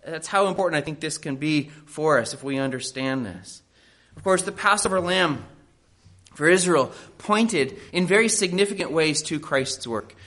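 A pastor with a notably high voice for a man, preaching a sermon. He speaks earnestly and emphatically, driving points home with pointed rhetorical questions. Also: animated, moderate pace, fairly bright tone.

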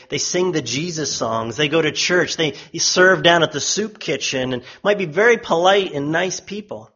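A male preacher delivering a sermon with a husky, slightly raised voice. He swings between emphatic, pitched-up quotations and low, hushed warnings. The recording is dull and lo-fi. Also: expressive, normal speed, hardly any pauses. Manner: emphatic, rises for quoted voices and drops low and quiet for solemn lines.

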